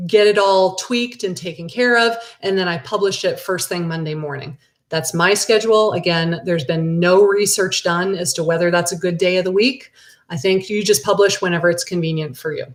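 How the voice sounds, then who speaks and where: A middle-aged woman talks other agents through her weekly routine in a loose, chatty class. Her voice sits mid-range and jumps up when she gets excited. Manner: chatty and animated, with big excited jumps in pitch. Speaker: real estate agent teaching a class. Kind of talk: casual live class, answering viewer questions.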